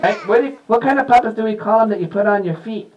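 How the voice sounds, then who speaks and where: A man's voice: high voice, fast talker, dull audio, noisy background. A man working as a puppeteer, talking playfully to children in a live puppet show and quizzing them. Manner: playful, teacherly questions to kids.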